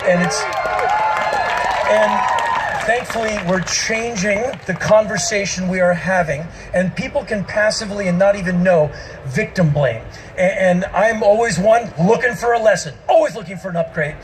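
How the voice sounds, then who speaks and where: High-voiced man shouting on stage. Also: moderate pace, a crowd in the background, background noise. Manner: emphatic, bursts into shouting. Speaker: spoken-word performer. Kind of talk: stage monologue to a live audience. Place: outdoor festival stage.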